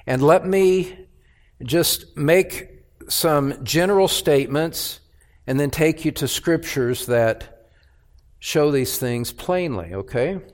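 A man preaching a sermon as pastor, speaking emphatically and repeating key phrases in a measured, deliberate way. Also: a little high, expressive.

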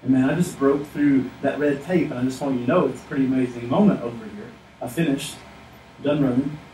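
A male pastor preaches a sermon in a medium-pitched, dark voice at a fairly quick pace, emphatic and earnest, often voicing a biblical figure's lines in the first person. The recording is echoey, with the mic at a distance and slight background noise.

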